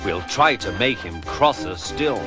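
A man's voice: fairly low pitch, animated, measured pace, music in the background. A man doing a spiteful, sneering brake van.

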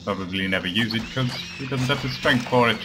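A man's voice: lowish voice, fast talker, noisy background. A man giving casual, joking commentary while playing a video game, chatting to his party members and swearing now and then. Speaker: let's play commentator.

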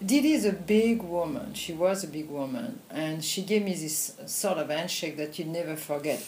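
An older woman with a French accent, a film editor telling lively anecdotes in a conversational interview, with frequent laughs. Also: sits low, moderate pace, reverberant, a little hiss or hum, poor audio. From France. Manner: animated anecdotes with frequent laughs and "you know". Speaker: film editor and director, guest.

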